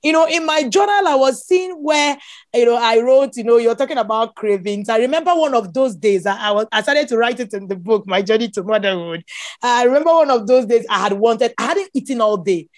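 Lively Nigerian woman telling a story. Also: fairly high pitch, fairly quick, dry recording, clean studio sound. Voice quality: expressive, exclaims often, laughs while telling. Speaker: guest. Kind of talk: animated personal storytelling.

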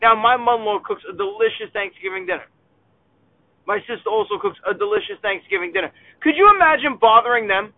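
A man's voice: very high voice, animated, fairly quick, no room sound. A middle-aged man hosts a sports podcast from his car while driving, ranting in an exasperated, casual way. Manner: exasperated, acts out other people's requests. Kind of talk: casual monologue rant. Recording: tinny phone-like dry sound.

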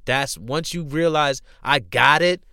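A man's voice: fairly high pitch, measured pace, creaky, bright, forceful tone, dry recording, studio quality. A young man hosting a podcast, talking casually and emphatically, with lots of slang, swearing and repetition. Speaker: podcast host. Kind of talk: casual motivational talk.

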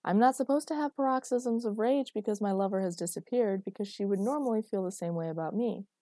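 A woman's voice: medium pitch, fast, warm tone, dry recording, studio quality, natural voice. A woman reading aloud, voicing an intense, protective young man who speaks emphatically. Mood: insistent.

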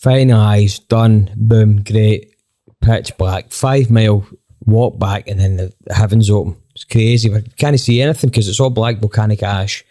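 Low, mellow man telling a story. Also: a little slow. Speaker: band member telling a story. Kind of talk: casual storytelling chat.

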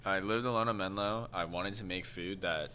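A young man in his twenties talks in a relaxed, dry podcast chat, swearing offhandedly. His voice sits a little low, with a bright, forward edge. A soft hum of faint noise stays in the background. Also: moderate pace. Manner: laid-back, dry, swears casually. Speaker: guest, online cooking creator.

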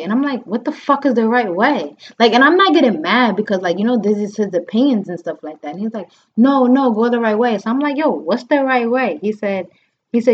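Animated woman telling a story, lo-fi. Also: fairly high pitch. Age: 30s. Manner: animated, acts out quotes, frequent fillers. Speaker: podcast host. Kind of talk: casual chat, storytelling. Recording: dull lo-fi sound.

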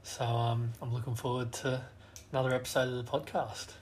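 A man's voice: medium pitch, flat delivery, brisk, slight background noise. A man, co-hosting a podcast in casual chat and laughing often. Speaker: podcast co-host.

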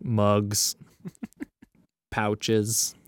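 A man's voice: fairly low pitch, monotone, very slow, no echo. A man co-hosting a podcast, bantering in a crude, joking, profane way. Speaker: podcast co-host. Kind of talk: casual chat.

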